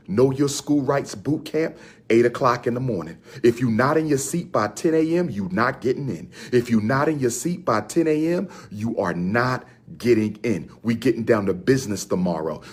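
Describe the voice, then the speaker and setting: Husky man giving fiery, repetitive announcements. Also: medium pitch. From Philadelphia. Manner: preacher-like, repetitive chanting of announcements. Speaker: speaker promoting his events. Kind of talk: impassioned direct-to-camera address.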